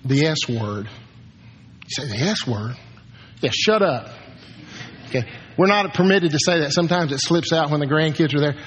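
An older male pastor preaches with a husky, somewhat high voice, dropping low and soft and then rising to sudden shouts. His sermon rings out in a church sanctuary with a long, trailing reverb. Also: moderate pace, long pauses. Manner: impassioned preaching, swings from hushed to shouted commands.

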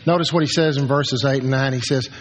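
An older man preaching a sermon as pastor, moving from hushed, slow words to shouted commands for quiet. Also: mid-range voice, fairly even intonation. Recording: long hall reverb.

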